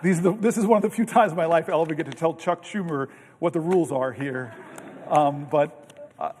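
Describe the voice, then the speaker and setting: A man with a notably high voice delivers a long, unscripted floor speech, earnest and animated, stumbling over restarts as he tells his stories. His words ring out with the long reverb of a big legislative chamber, picked up by a podium mic. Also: fairly quick, slight background noise. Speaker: senator giving a floor speech.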